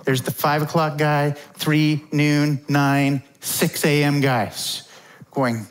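A man's voice: a little high, level tone, slow pace. A middle-aged man preaching a conversational sermon as pastor, informal and chatty. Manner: informal, chatty, acts out quotes.

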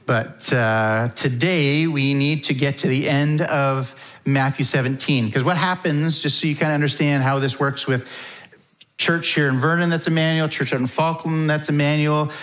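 A middle-aged man preaching a sermon to his church in a relaxed, conversational way, with frequent fillers. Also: a little high, moderate pace, rough recording. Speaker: pastor.

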